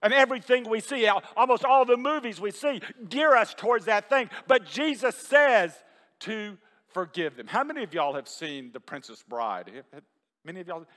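Bright-voiced pastor preaching. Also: male voice, high voice, expressive, normal speed, in a large hall. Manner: conversational, asks the congregation questions. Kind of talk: sermon. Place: church hall with a congregation.

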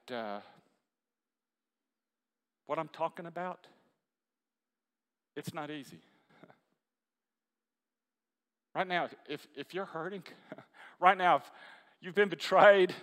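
A man's voice: fairly high pitch, a bit bright, big-room sound. A man preaching a sermon to a congregation, chatty and full of questions to the room. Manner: conversational, asks the congregation questions. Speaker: pastor. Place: church hall with a congregation.

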